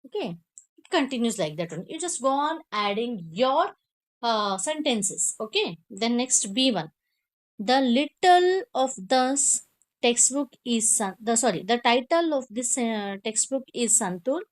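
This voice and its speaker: A woman teacher with an Indian English accent works through a textbook exercise. Her voice sits a little high. She speaks slowly and repeats each word for the drill. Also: very animated. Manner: slow, repeats words for pronunciation drill. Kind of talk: textbook lesson explanation.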